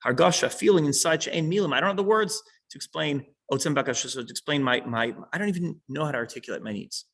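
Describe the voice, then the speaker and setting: A man's voice: fairly high pitch, fast talker, hardly any pauses, a bit bright, rough recording. A man teaching a small class who reads a line of text and then patiently unpacks it.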